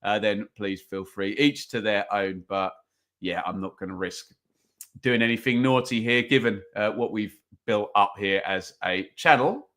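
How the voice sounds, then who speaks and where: A man's voice: on the low side, measured pace, a bit bright. A man hosting a live football watch-along stream, chatting casually, reading out viewer comments and calling the match loosely. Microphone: desk microphone.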